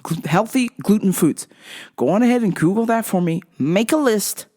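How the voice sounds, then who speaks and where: This podcast host is a woman whose medium-pitched, expressive voice carries a dark tone at a moderate pace. She shares retail customer stories as profane comedy, blunt and sarcastic, swearing constantly.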